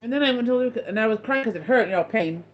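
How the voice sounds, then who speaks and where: A woman's voice: fairly high pitch, expressive, quick pace. Rambling woman with a lo-fi sound. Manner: rambling storytelling, many restarts. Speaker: host. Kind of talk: casual chat with live viewers. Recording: dull lo-fi sound.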